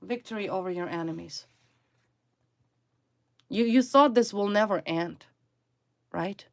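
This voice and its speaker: A woman's voice: mid-range voice, unhurried, no echo. A woman giving a tarot reading to her viewers, stressing her points by repeating single words. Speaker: tarot reader.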